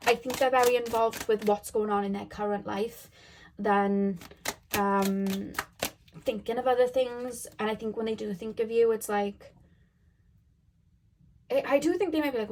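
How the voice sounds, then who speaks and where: A woman's voice: on the high side, steady tone, measured pace, a little mellow, slight background noise. A woman giving a casual tarot reading to camera, chatty and frank, with lots of fillers and restarts. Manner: chatty, loose, with many fillers and repeated phrases; frank and matter-of-fact. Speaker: tarot card reader.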